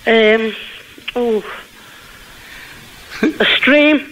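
A man playing along in comedy radio banter, throwing in slow, hesitant guesses. His voice is fairly high and bright. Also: rough recording.

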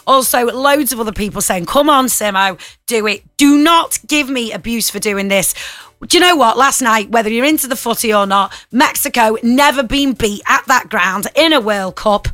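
A male radio host with a high, bright voice in casual, jokey banter. He sounds close on a studio microphone, dry and tight. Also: moderate pace, dry recording. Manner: jokey, playful.

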